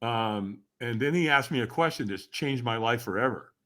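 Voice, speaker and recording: Lively, bright-voiced male storyteller. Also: medium pitch, normal speed. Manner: acts out quoted dialogue, emphatic and lively. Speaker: podcast guest. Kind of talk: animated storytelling in conversation.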